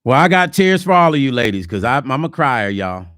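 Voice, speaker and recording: A man hosting a casual livestream vlog, reading viewer comments and talking relationships in a chatty, animated way. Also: mid-range voice, brisk, no room sound, studio quality. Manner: chatty, animated, slips into mock quotes. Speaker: vlog host.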